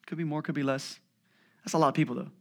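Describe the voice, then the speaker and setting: A man in his thirties preaching a sermon as pastor, telling lively stories and acting out family voices, then dropping to a hushed voice on heavy points. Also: a little high, fast talker.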